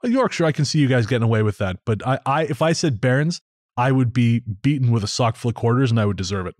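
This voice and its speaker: A man's voice: medium pitch, expressive, fast, darkish tone, dry recording, studio quality. A man with an American accent hosting a podcast, chatting casually and wryly, often restarting his sentences. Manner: rambling, wry, restarts sentences. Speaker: podcast host.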